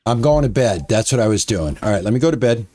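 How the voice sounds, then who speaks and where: A man's voice: lowish voice, animated, quick pace, darkish tone. A man streaming a farming game, chatting casually and thinking aloud about what he is doing, on a headset mic. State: out of breath. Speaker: gaming streamer. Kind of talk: casual gameplay commentary.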